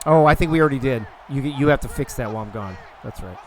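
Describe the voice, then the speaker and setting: Young dude casting a football game on stream, casual and cussing, mid voice, goes off on tangents with chat. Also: male voice, medium pitch, expressive, fast. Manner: loose and profane, chatting with the stream between plays.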